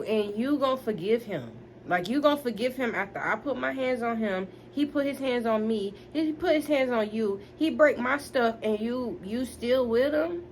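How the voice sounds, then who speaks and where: A woman in her twenties tells a storytime vlog, animated and emphatic, talking straight to her viewers. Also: on the high side, slight background noise. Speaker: vlogger.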